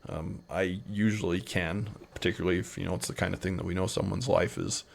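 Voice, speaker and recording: A middle-aged man with a Utah accent and a fairly low voice, chatting easily as a podcast guest. He spins long, meandering stories and slips into playful imitations of the people in them. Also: a little fast, vocal fry. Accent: American, Utah. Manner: relaxed, rambling anecdotes with playful quoted voices. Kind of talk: casual storytelling interview.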